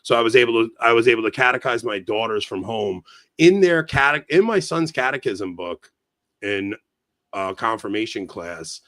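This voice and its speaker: A middle-aged man on a casual podcast, telling an animated story that grows heated. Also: medium pitch, moderate pace, dry recording. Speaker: podcast co-host.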